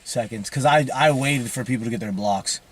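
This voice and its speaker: A man's voice: mid-range voice, brisk, slight background noise. Rambling man recapping a game. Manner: rambling, many fillers, trails off. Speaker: football player. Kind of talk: casual chat.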